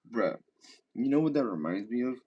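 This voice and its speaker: A man's voice: medium pitch, expressive, a little slow, creaky, slightly rough, muffled recording. A young man chatting casually as a streamer, reading chat aloud, laid-back and rambling, cursing often.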